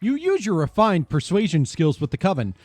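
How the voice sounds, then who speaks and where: Lively man reading game text. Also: high-pitched, a little fast. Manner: lively, joking. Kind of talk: casual stream chat and reading game text aloud. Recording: faint background music.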